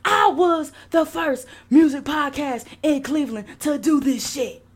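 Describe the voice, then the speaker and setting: A woman putting on the voice of a boastful male rapper who brags loudly. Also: high voice, a little slow, soft background music, pitched above the performer's own voice. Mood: bragging. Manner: bragging, shouting.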